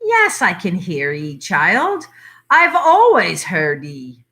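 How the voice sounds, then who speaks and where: A woman doing a cunning old country aunt who speaks in a soft, knowing dialect, her voice swooping with secret amusement. She talks unhurriedly and brightly, as if sharing a long-kept joke. Storybook reading. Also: on the low side, huge pitch swings, slow pace, heavily acted. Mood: sly. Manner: knowing, chuckling, broad dialect.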